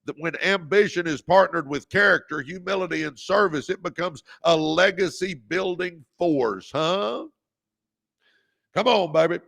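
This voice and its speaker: A man's voice: high-pitched, a little slow, creaky. A man past forty, hosting a motivational livestream with a fervent, preacher-like delivery. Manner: preacher-like, fervent, calls viewers baby, shouts encouragement. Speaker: livestream host.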